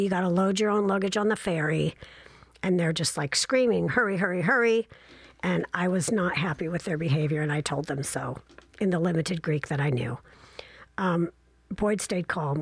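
Woman, 60s, husky breathy voice, dry close sound, chatty self-mocking storyteller. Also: lowish voice, no echo. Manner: chatty, self-deprecating, animated asides. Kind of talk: casual travel storytelling.

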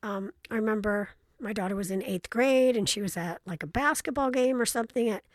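A woman's voice: mid-range voice, a little fast. A middle-aged woman tells stories in a frank, playfully blunt way, slipping into other people's voices as she goes. Her sound is dry and close, with no room echo. She keeps it casual and chatty throughout. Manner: acts out voices in her anecdotes. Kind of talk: casual storytelling monologue.

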